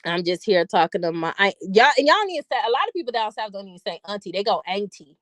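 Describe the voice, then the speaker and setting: A woman's voice: medium pitch, big pitch swings, fast talker, a bit bright, no room sound. A woman hosting her own vlog, telling loose, profane stories in a casual, chatty way with laughing asides. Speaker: vlog host. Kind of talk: casual storytelling monologue.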